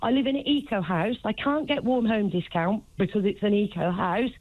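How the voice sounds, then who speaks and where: A woman in her fifties calling in to a radio show, crying and pleading as she talks fast. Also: medium pitch, no room sound, phone-quality sound. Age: 50s. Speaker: caller. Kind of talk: emotional phone-in call.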